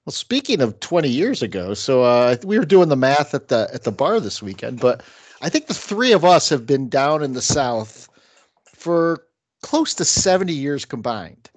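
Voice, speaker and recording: Middle-aged upstate New York man, lively ranting podcast host, dry close sound. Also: medium pitch, normal speed, no room sound. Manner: ranting, mimics fans in sudden bursts. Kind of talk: casual sports chat.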